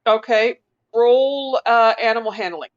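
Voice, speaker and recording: A woman narrating as game master of a tabletop game, relaxed and patient, with casual fillers. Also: a little high, unhurried, highs cut off, noisy background.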